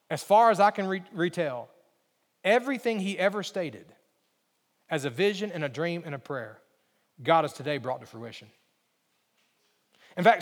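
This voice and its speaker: A male pastor delivers a sermon in a high voice. He uses emphatic, repeated phrases that rise in force and then fall soft. His voice rings through a church sanctuary with a long reverb trail. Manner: emphatic, repetitive preaching cadence with rising build-ups and quiet drops.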